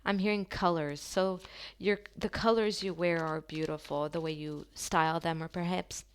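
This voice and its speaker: A woman giving a channeled tarot reading to her viewers, talking softly and slowly in an affirming way, with long pauses. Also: fairly low pitch, steady tone, clear, resonant tone. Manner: soft, slow and affirming, with drawn-out pauses.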